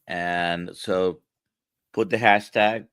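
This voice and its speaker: A man hosting a livestream in a relaxed way, with many fillers and pauses. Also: deep voice, clear, resonant tone, no room sound, clean studio sound. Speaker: livestream host. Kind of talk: casual livestream talk.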